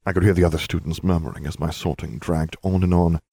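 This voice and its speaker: A man's voice: deep voice, fairly even intonation, quick pace, few pauses, warm tone, husky, no room sound. A man reading first-person fiction aloud with dry, wry narration. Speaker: audiobook reader.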